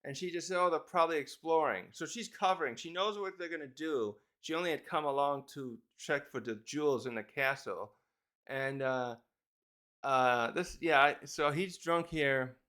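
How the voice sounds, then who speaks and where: A man's voice: a little high, normal speed, pushed and bright. A man giving a casual, rambling chapter review, thinking aloud and correcting himself as he goes. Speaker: manga reviewer.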